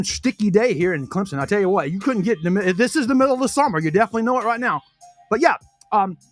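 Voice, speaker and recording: A man with a notably high voice hosts a podcast, rattling off sponsor plugs in a folksy, self-correcting patter. He chews food while he talks. Faint music plays under his voice. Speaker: podcast host reading sponsor spots. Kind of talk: casual sponsor talk on a podcast.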